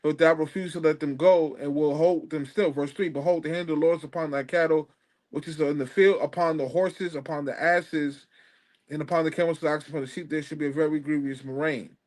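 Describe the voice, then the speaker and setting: Guy calling into a bible stream, slightly high voice, keeps pushing his question, reads verses out. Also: fairly quick. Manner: persistent, steady questioning. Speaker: caller. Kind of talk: debating and reading scripture aloud.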